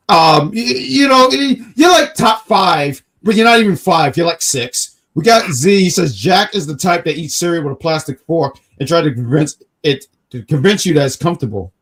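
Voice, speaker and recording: Man, co-host, excitable, joking, lively pitch. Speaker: co-host of a wrestling review show. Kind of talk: casual show review chat.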